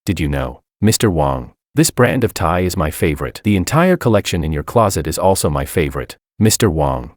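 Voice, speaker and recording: Narrator doing a smug young rival guy, fake polite and taunting, low voice, bouncy intonation. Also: very animated, a little fast, few pauses, no echo, clean studio sound.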